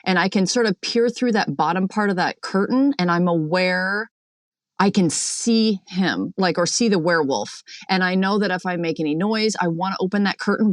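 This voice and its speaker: A woman calling in from a boat, telling her dream in a chatty, animated way with lots of fillers, acting out what people said. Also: medium pitch, no echo, clean studio sound. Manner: chatty, animated storyteller, many fillers, acts out quotes. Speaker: caller. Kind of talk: recounting a dream on a call-in show.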